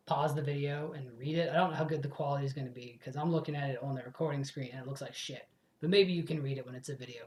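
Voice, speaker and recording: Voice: mid-range voice, a little mellow. Rambly gamer host, swears a lot, fixes own slips, sounds kinda roomy. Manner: rambling, swears casually, self-correcting. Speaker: let's play host. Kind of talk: casual let's play commentary.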